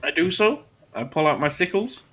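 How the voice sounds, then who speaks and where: Matter-of-fact male tabletop player with a high, lively voice. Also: normal speed. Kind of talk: casual tabletop game chat.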